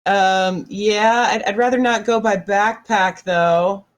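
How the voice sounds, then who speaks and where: A woman's voice: mid-range voice, steady tone, slow pace, close to an everyday voice. A woman playing a shy hero in a tabletop game, hesitant and stammering. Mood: timid.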